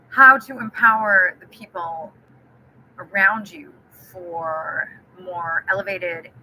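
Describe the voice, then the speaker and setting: A woman's voice: mid-range voice, pushed and bright, a little hiss or hum, low-quality recording. A woman giving a friendly live-streamed keynote talk and telling a personal story. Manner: friendly, storytelling, greets viewers by name. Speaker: keynote speaker.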